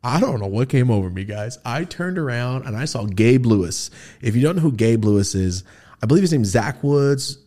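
A young man hosting a podcast, telling a story casually and acting out quotes with sudden shouts. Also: normal speed. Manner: animated, acts out quotes with big pitch jumps and shouts. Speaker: podcast host.

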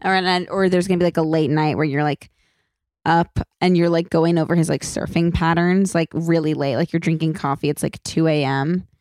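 A woman's voice: low voice, fairly even intonation, moderate pace, a little mellow, no echo, clean studio sound. A young adult woman hosting a podcast in casual chat, playfully acting out imagined scenes. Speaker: podcast host.

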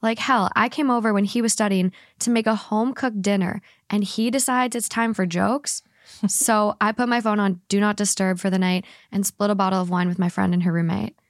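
Woman podcast host, mid pitch, dry close mic, quick animated storytelling. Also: no room sound. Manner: animated, laughs often, reads quickly. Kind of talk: casual podcast chat, reading a story aloud.

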